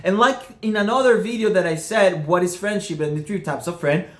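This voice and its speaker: A man's voice: high-pitched, fairly quick. A man giving earnest relationship advice, often checking whether the listener follows him. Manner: earnest, keeps asking "you get what I mean?". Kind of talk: casual monologue to camera.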